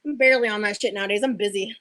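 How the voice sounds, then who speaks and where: A woman's voice: mid-range voice, fairly even intonation, racing, fairly bright tone, no echo. A woman chatting casually on a livestream, defensive and dismissive toward critics. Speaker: livestreamer in played clips.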